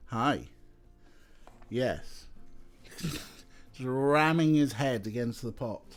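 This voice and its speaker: A man's voice: medium pitch, drawn-out words, faint music behind. A young man streaming, chatting casually and talking to his cats as he plays. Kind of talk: casual live-stream chat.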